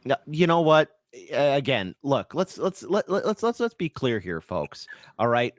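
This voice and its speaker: A man hosting a livestream political talk show, interviewing guests and launching into loud, ranting outbursts. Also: medium pitch, very animated, unhurried, dry recording, clean studio sound. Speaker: host.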